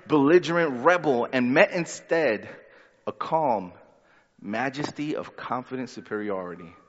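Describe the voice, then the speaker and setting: A pastor with a slightly high, somewhat bright male voice preaches in a church sanctuary, reading scripture and then retelling it in casual, conversational terms. The sound is dull, with long hall reverb.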